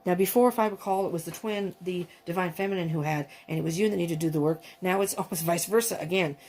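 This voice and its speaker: A woman doing a tarot reading, talking in a gushing, excitable way, often breaking off with exclamations and restarting her sentences. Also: fairly low pitch, fast talker. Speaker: tarot reader.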